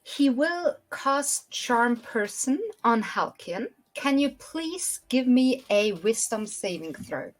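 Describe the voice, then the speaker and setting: A woman running a tabletop game as dungeon master over a video call, talking in a deliberate way with frequent ums. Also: on the high side, big pitch swings.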